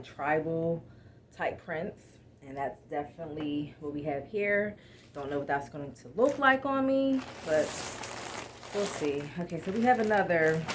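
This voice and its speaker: A woman with a somewhat low voice talks casually through an unboxing at home, lively and exasperated, turning to her viewers as y'all. A faint hiss of noise sits under her voice. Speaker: haul vlogger.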